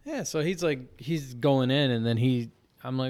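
A man hosting a casual podcast, telling a story in an animated, exasperated way. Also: medium pitch, moderate pace. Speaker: podcast host.

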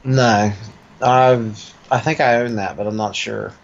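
A man's voice: on the low side, steady tone, a little slow, gravelly, lo-fi sound. A man chatting easily about video games, hedging his points and cursing mildly. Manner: easygoing, hedging, mild cursing. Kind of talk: casual gaming chat.

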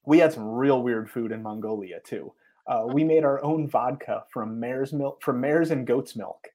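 An American man telling travel stories in a casual interview, animated, with frequent laughs. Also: medium pitch, moderate pace. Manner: animated anecdotes with frequent laughs and acted quotes. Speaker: guest, TV traveler.

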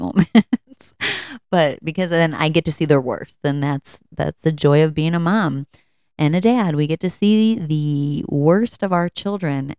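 A woman in her thirties, a mother hosting her own podcast, talking in a rambling, candid and self-mocking way, sometimes jumping into high excited voices. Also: clear, resonant tone, no echo, clean studio sound. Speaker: podcast host. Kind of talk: casual solo podcast talk.

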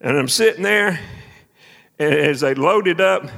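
A man preaching a sermon as a folksy, animated story, shouting praise and laughing along the way. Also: fairly high pitch, unhurried, creaky. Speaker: preacher and minister of missions. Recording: echoey hall.

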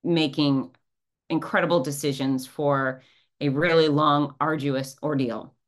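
A middle-aged woman, a guest on an interview show, telling her own story in an earnest, lively and blunt way. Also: low voice, a little slow. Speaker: guest, cancer survivor.

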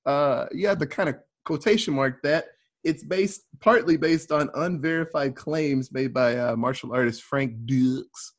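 A man's voice: a little high, measured pace, hardly any pauses. A man hosting a casual movie podcast, talking loosely and rambling with plenty of fillers and swearing. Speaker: podcast host.

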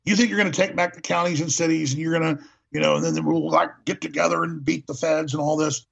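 A man's voice: fairly high pitch, fairly even intonation, fast talker, creaky, breathy edge. A man hosting a talk show, delivering an impassioned political monologue, ranting and repeating words for emphasis, on a dull lo-fi recording.

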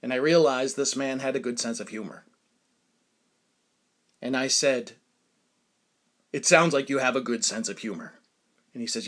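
A man's voice: medium pitch, normal speed, long pauses, a bit bright. A man hosting a solo podcast, telling rambling stories and laughing at his own jokes. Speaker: podcast host.

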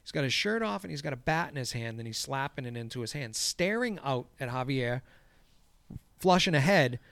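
A man's voice: mid-range voice, expressive, fairly quick, gravelly, fairly bright tone, no echo. A man, a golf course crew boss, telling a story in casual chat, swearing freely and acting out the quoted dialogue. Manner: profane, acts out quoted dialogue.

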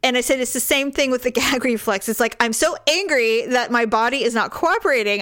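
A woman with a slightly high voice tells a story in a loose, chatty way. She acts out every character's lines with big jumps in pitch and laughs through much of it. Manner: animated, acts out quoted voices, laughs often. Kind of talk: casual storytelling chat.

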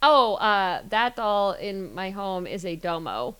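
Woman podcast co-host, chatty and giggly, bright, smooth tone. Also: medium pitch, very animated, slow. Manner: giggly, rambling. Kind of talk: casual chat.

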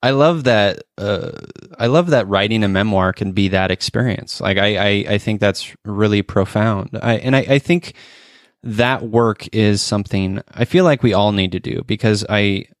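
A man's voice: fairly low pitch, normal speed, no echo, clean studio sound. A man of forty hosting a casual interview, talking earnestly with frequent restarts and fillers. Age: 40s. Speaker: podcast host.

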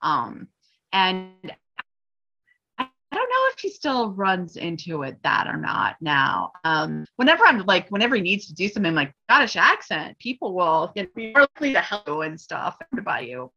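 A middle-aged professor from Wyoming, USA, chats casually as a guest, full of fillers and "you know." Her lowish voice is creaky and sharp, swings hugely in pitch, and moves at a moderate pace, captured in dull lo-fi sound.

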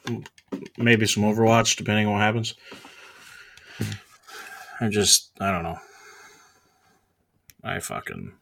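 A man's voice: lowish voice, unhurried, gravelly, long pauses, fairly bright tone. A man co-hosting a podcast, giving brief, offhand replies in casual chat. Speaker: podcast co-host.

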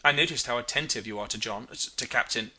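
A man's voice: medium pitch, fairly quick, pushed and bright, breathy edge. A man voicing a kindly, fussy old woman, a sea captain's wife, cheerful and homely, in an audiobook reading.

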